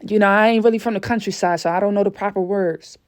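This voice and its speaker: A woman's voice: medium pitch, fairly even intonation, fast talker. Breathless fervent woman giving a reading. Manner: fervent, exclaims whew often, swears casually. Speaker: spiritual reader. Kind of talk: spiritual reading monologue.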